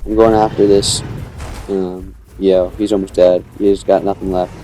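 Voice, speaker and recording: A man's voice: deep voice, flat delivery, measured pace, dark tone, slight background noise. A young man casually narrating his own dinosaur gameplay, rambling as he tells the story and acting out quoted lines.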